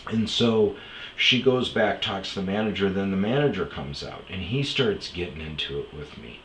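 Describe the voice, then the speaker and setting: A man's voice: deep voice, animated, moderate pace, fairly bright tone. A man hosting a podcast, telling a personal story casually, acting out the dialogue and swearing freely. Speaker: podcast host. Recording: roomy echo, faint background hiss.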